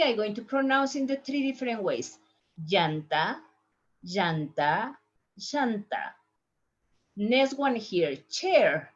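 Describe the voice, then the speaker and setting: A woman with a Spanish accent teaching Spanish, slowly and patiently repeating each word in several pronunciations, in slightly broken English. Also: medium pitch, dull audio. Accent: Spanish-speaking. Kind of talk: slow language lesson with repeated pronunciation drills.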